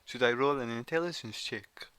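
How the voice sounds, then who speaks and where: A man's voice: medium pitch, normal speed, a bit bright, smooth, dry recording. A Scottish man chatting as a player in a tabletop game, joking and laughing often. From Scotland. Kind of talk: casual tabletop game chat.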